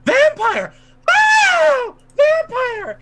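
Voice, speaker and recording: A woman's voice: very high voice, huge pitch swings, very slow, bright, forceful tone, shouting, pitched above the performer's own voice, exaggerated voice. A man voicing a woman who shrieks that a vampire bit her, hamming up her panic. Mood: shrieking. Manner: screaming, theatrical, fake fainting.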